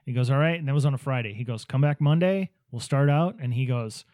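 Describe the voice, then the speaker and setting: Casting: man, mid-pitched mellow voice, storyteller who quotes others, dry close sound. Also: fast talker, no echo. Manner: anecdotal, laughs easily, acts out quotes. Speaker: podcast host, business owner. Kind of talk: casual chat, storytelling.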